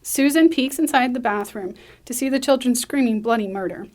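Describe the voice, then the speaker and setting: A woman reading a screenplay aloud, brisk, with small slips and restarts. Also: a little high, a little mellow. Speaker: script reader.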